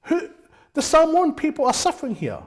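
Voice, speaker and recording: Fired-up high-voiced man ranting. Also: huge pitch swings, fairly quick, slight background noise. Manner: passionate, ranting, says "mate" often. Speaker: show host. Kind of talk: opinionated political commentary.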